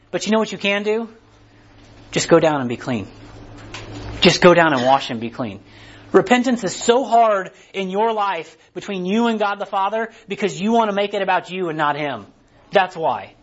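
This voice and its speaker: Man, high voice, casual sermon, conversational, emphatic peaks, dull lo-fi recording. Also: fairly bright tone. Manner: conversational, acts out characters, builds to emphatic peaks. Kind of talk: casual sermon with Bible reading. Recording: dull lo-fi sound.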